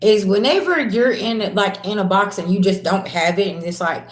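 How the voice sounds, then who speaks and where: A woman reading tarot on a live stream, slangy and chatty, calling her viewers "babies" and swinging from low murmurs to loud, excited bursts. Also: normal speed. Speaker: tarot reader. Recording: roomy echo.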